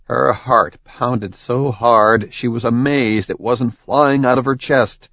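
Male audiobook narrator, gravelly and unhurried, dull dry sound. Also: mid-range voice, fairly even intonation, fairly bright tone, no echo. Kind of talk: scripted narration.

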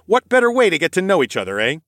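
A man's voice: sits high, wildly swooping pitch, very fast, a bit bright, no echo, studio quality, pitched above the performer's own voice, heavily acted. A man as a playful, teasing young brawler. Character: brash, fight-loving young brawler. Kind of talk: audiobook character voice.

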